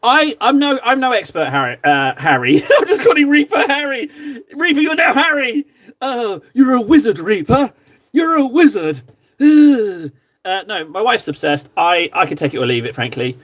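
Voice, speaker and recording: A man casually chatting to his stream viewers while painting models, joking around and sometimes mock-shouting at them. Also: high voice, lively intonation, normal speed. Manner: playful, jokey, mock-shouts insults at viewers. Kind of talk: casual live-stream chat.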